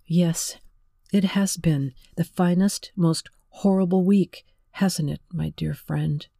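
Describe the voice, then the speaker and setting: A narrator voicing a lonely, tearful young woman who speaks gently and pleadingly, in an audiobook reading. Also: lowish voice, fairly even intonation, slow pace, creaky, dry recording, studio quality, full character voice.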